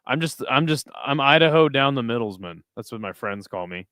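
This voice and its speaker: Male streamer, watch-party host, smooth clear voice, close dry mic, foul-mouthed banter with chat. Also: medium pitch, lively intonation, a little fast, pushed and bright, no room sound. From United States. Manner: crude, joking, chatting with viewers between fight calls. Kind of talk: casual live-stream commentary.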